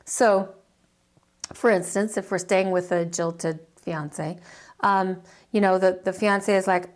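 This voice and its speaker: A woman's voice: mid-range voice, fairly even intonation, takes it slowly. A middle-aged woman teaching counseling skills in a chatty, informal way, acting out sample dialogues with many fillers and restarts. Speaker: counseling instructor.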